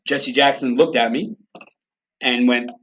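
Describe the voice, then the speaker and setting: A man's voice: mid-range voice, a little slow, low-quality recording. A middle-aged man, telling stories bluntly and with swearing as a podcast guest. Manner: blunt, profane, animated storyteller. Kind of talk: casual storytelling.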